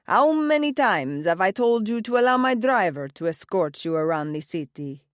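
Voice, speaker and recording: A woman reading an audiobook, voicing a gruff, overprotective older father with an Italian accent who growls his orders. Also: medium pitch, very animated, moderate pace, no echo, clean studio sound, natural voice. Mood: scolding. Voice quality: growling, stern. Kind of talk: audiobook character voice. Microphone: close studio mic, dry.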